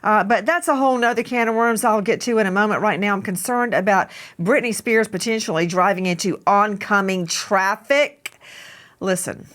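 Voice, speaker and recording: A woman hosting a crime news show, emphatic and opinionated, often speeding up and slowing down. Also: mid-range voice, fairly bright tone. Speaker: host.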